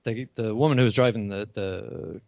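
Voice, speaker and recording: A man's voice: fairly low pitch, fairly even intonation, normal speed, darkish tone, no room sound. A man co-hosting a casual podcast, telling anecdotes in a chatty, rambling way. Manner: chatty storyteller with many restarts. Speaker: podcast co-host. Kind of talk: casual chat.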